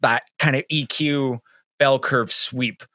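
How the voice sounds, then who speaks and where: A man co-hosting a casual podcast chat, animated and swearing, mocking clients in put-on voices over a webcam. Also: medium pitch, slow pace, dry recording, clean studio sound. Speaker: podcast co-host, band member.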